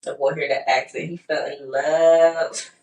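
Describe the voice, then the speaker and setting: Young Charleston-accented woman, co-host, lively teasing storyteller, lower voice, roomy and off-mic. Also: unhurried. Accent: Charleston, South Carolina. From Charleston, South Carolina. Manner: animated storyteller, teasing, acts out her own reactions. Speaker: podcast co-host. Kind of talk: casual chat. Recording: roomy sound, distant from mic.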